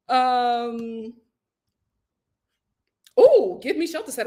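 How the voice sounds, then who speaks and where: A woman's voice: fairly high pitch, very animated, measured pace, long pauses, warm tone. A woman hosting a casual livestream, reading viewer comments aloud and laughing often as she answers them. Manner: laughs often, talks back to chat. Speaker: host reading live chat.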